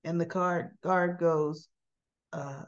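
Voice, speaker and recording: A woman's voice: lowish voice, fairly even intonation, slow pace, highs cut off. Chatty woman recapping a soap. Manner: chatty and informal, acting out characters' lines; laughs often while talking. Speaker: soap opera recap vlogger. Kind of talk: casual episode recap.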